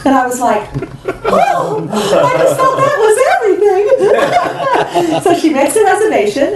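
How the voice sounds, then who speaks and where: A woman who owns a restaurant, chatting as a podcast guest and telling her story in a lively way, often laughing and acting out what people said. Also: fairly high pitch, recorded from a distance, slight background noise. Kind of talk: animated storytelling in casual chat. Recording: roomy echo, a bit off-mic, faint ambience.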